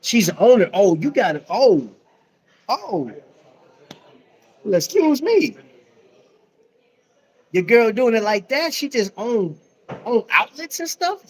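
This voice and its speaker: Man, American accent, slangy and joking, somewhat high voice, live chat from a restaurant. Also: animated, a little slow, poor audio. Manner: slangy, joking, calls viewers bro. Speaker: livestream host. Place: busy restaurant.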